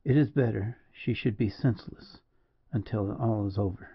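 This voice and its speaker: A man voicing a dying noble soldier who speaks faintly and haltingly. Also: lowish voice, slightly rough. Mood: solemn. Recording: dull lo-fi dry recording.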